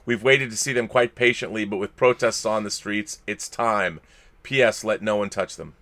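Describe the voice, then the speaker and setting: A man's voice: on the low side, steady tone, moderate pace, fairly bright tone. Chatty middle-aged man reading viewer messages. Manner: chatty, reads messages aloud with asides. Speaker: co-host reading viewer tips. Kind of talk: casual live-stream chat.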